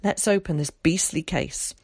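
A woman reading aloud, voicing an eager, theatrical schoolboy who loves to show off, in a lively, dramatic way. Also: low-pitched, unhurried, breathy edge, dry recording, clean studio sound, full character voice.

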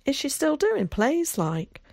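A quiet, faltering country boy, still weak from fever, with rough rural speech, as a woman reading aloud puts him on. He sits somewhat above her usual pitch and is read close and dry. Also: very animated, takes it slowly, no echo, heavily acted. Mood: shy. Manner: hesitant, plain rural dialect.

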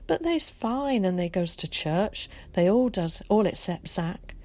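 A woman's voice: medium pitch, lively intonation, a little slow, dark tone. A woman reading an audiobook, voicing a frightened young boy with a way of speaking, hesitant and faltering. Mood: pleading. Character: timid, frightened young boy, London evacuee.

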